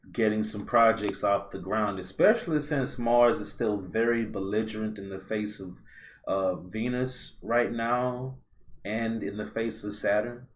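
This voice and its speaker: A man's voice: on the low side, a little hiss or hum. A man hosting a podcast, chatting casually and ramblingly about astrology over a video call. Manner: relaxed, rambling, loose slangy phrasing. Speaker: podcast host. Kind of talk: casual astrology chat over a live stream.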